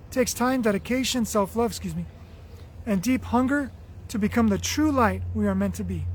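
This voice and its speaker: A man with a very high voice hosts a spiritual livestream, earnest and affectionate, circling back on his phrases. His voice is wearing thin as he talks, with a faint noise underneath. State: losing his voice. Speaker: livestream host reading viewer comments. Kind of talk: spiritual motivational livestream talk.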